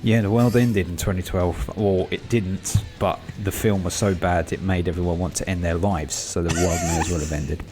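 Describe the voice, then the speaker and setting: A man's voice: sits low, steady tone, normal speed, few pauses, dark tone, faint music behind. A man co-hosting a podcast, chatting casually and teasing his co-host. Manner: teasing, jokey. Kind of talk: casual chat.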